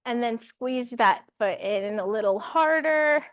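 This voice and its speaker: A woman teaching a yoga class, giving calm, encouraging cues and laughing lightly now and then. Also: fairly high pitch, unhurried, dry recording, dull audio. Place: yoga studio with music.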